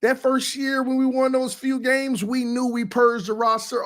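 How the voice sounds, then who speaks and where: A man's voice: extremely high pitch, flat delivery, moderate pace, hardly any pauses, a bit bright. A man hosting a sports fan livestream, talking in an emotional, confessional way and repeating points for emphasis. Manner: casual, repeats himself for emphasis. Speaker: sports fan show host.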